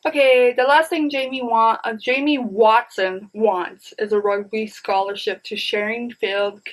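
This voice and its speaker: A woman in her thirties, a book vlogger, talks unhurriedly in a fairly high, fairly even voice while chatting about her new books. She rambles with enthusiasm and keeps saying "you guys," and the recording is rough.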